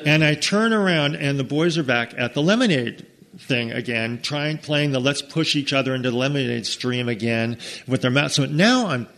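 A man's voice: medium pitch, normal speed. Man telling a personal story, chatty. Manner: conversational, frequent "okay?" asides, lively quoted voices.

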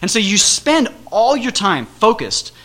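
Bright-voiced man telling a rambling story. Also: high voice, a little slow. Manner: rambling, self-deprecating, animated. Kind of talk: casual personal storytelling.

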